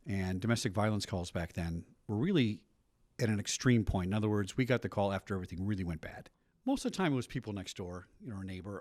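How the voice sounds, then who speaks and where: Brief: middle-aged ex-cop, brisk storyteller, quick delivery, lowish voice. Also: male voice, dry recording. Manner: brisk storytelling with frequent asides. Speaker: retired police officer. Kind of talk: documentary interview.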